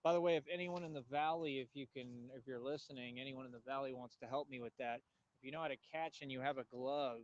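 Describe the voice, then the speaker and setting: A man rambling boastfully to his camera in an outdoor vlog, bragging about himself and cooing at squirrels in a high voice. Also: fairly even intonation, quick pace, dull audio. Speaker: vlogger. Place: outdoors near trees.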